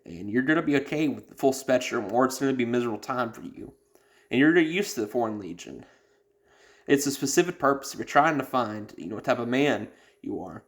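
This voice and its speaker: A man's voice: medium pitch, expressive, quick pace. Casual male podcast voice, blunt and profane, rambles with lots of fillers. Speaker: podcast host. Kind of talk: casual advice talk.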